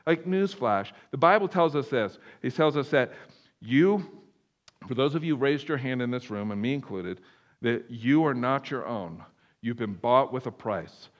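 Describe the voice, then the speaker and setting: A man preaching a sermon, animated, swinging from loud emphatic bursts to hushed low passages, with many restarts. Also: normal speed, muffled recording. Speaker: pastor. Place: church room.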